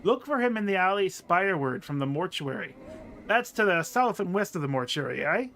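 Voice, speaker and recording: A man voicing a sneering young tailed street girl who talks in rough, curt slang. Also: sits high, sing-song, brisk, a bit bright, slight background noise, exaggerated voice. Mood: surly.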